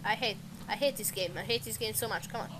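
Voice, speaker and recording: A woman giving excited gameplay commentary who taunts enemies and keeps exclaiming. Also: medium pitch, quick pace, background noise. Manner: frequent exclamations and repeated words. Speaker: gameplay video maker. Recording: music playing loud behind voice. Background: background music and game sounds.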